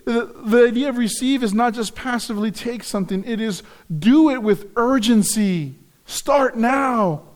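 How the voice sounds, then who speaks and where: A man's voice: extremely high pitch, measured pace, few pauses. A man preaching a sermon as pastor, earnest and repeating key phrases for emphasis.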